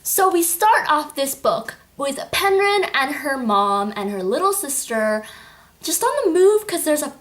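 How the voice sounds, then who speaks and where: A woman chatting casually in a book review vlog, gushing and animated as she recaps the story. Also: high-pitched, measured pace. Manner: animated, gushing, with acted-out quotes.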